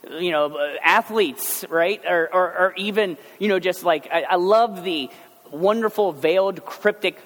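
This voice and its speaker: Pastor guy preaching, kinda high voice, jokey and animated, echoey big hall. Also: a little slow. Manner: animated, joking asides. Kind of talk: conversational sermon. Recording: long hall reverb.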